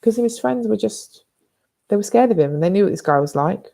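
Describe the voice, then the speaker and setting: A woman's voice: medium pitch, lively intonation, a little fast, creaky, dark tone. A British woman vlogging, telling a personal story in a candid, blunt, rambling way with some swearing.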